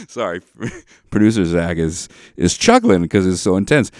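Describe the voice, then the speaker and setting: A man's voice: low voice, brisk, no room sound, studio quality. A man in his thirties hosting a podcast, talking casually and animatedly, with many fillers. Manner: animated, rambling with many fillers, acts out lines. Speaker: podcast host. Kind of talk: casual monologue.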